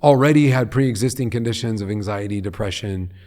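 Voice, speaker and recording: Earnest, animated man with a low voice. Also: brisk. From Long Beach, California. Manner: earnest and animated, often acting out what people say. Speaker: guest, head of a nonprofit. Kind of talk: podcast interview.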